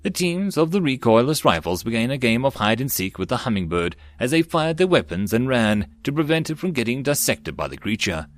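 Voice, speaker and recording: A man narrating a web-novel audiobook in a steady storytelling manner. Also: medium pitch, brisk, few pauses. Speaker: audiobook reader.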